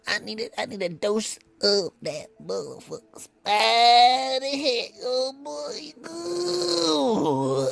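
Man doing a junkie craving his fix, gravelly, slow drawl, moaning, wild pitch swings. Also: fairly bright tone, exaggerated voice.

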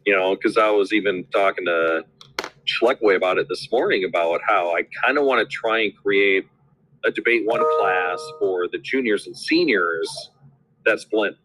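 A man's voice: deep voice, moderate pace, rough recording. A man from South Dakota, a teacher, chatting casually with many fillers and restarts. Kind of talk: casual chat.

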